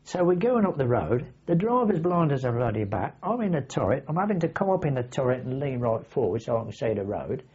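An older man tells vivid, salty anecdotes in casual oral-history storytelling, with a husky voice. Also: medium pitch, sing-song, a little fast, hardly any pauses. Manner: vivid anecdotal, salty language, acts out his own shouts. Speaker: veteran recounting wartime memories. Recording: dull lo-fi archive recording.

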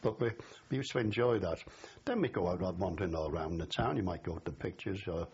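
A man's voice: low-pitched, lively intonation, fast, a little mellow, husky. An older man from the Liverpool area with a Scouse accent, telling stories in an oral history interview and chuckling at his memories. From Liverpool area, England. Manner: chatty storyteller, laughs at his memories. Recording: dull lo-fi recording with faint hiss.

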